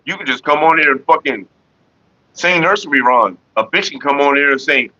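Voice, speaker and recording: A middle-aged man hosting a casual livestream, talking in a rambling, profane way with animated retellings. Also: a little high, quick pace, lo-fi sound. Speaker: livestream host.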